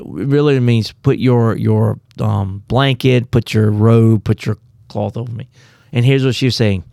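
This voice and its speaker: A man co-hosting a casual Bible study talk, telling the story with animated, playful asides. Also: mid-range voice, unhurried, vocal fry, dry recording, studio quality. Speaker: co-host of a Bible study podcast.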